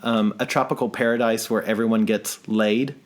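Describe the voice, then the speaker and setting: A man's voice: lowish voice, fairly even intonation, normal speed. Guy cohosting a podcast from his living room, chatty, pokes fun at himself, laughs a lot. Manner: chatty, self-deprecating, laughs often. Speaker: podcast co-host. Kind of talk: casual podcast chat.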